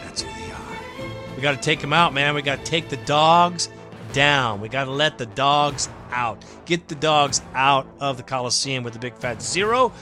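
A man's voice: medium pitch, pushed and bright. A man hosting a fan podcast, reading listener comments and ranting emotionally, swearing freely in a casual monologue.

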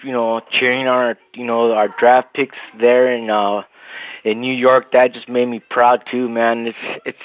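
A man from Bakersfield calling a sports show, excited and rambling, tacking "man" onto nearly every phrase. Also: medium pitch, no room sound. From Bakersfield, California. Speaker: caller. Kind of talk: phoned-in fan praise. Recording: tinny phone line.

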